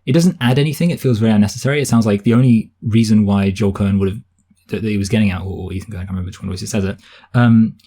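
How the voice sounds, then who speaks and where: A man with a southern English accent chats through a film review, thinking aloud with plenty of restarts. His voice sits a little low, with a dark, mellow tone and a breathy, husky edge. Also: very fast. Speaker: podcast co-host reviewing films. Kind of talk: casual chat.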